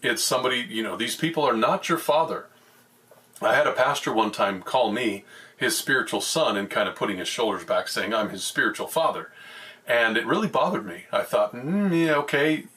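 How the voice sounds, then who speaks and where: A man's voice: medium pitch, animated, fairly quick, sharp tone, far from the mic. A middle-aged man, a pastor, teaching from the Bible in a plain-spoken, conversational way with frequent restarts.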